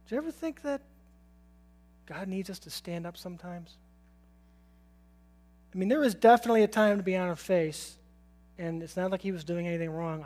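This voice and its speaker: A man with a high, slightly mellow voice preaches a sermon in an informal, conversational style. He asks his listeners questions and chuckles often.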